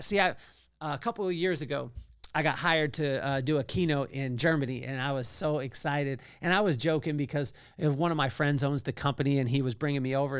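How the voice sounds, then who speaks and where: Guy hosting his own podcast, talks kinda high and smooth, super animated storytelling. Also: no room sound, studio quality. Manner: energetic, animated storyteller acting out quotes. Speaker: podcast host. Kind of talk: solo podcast monologue, storytelling.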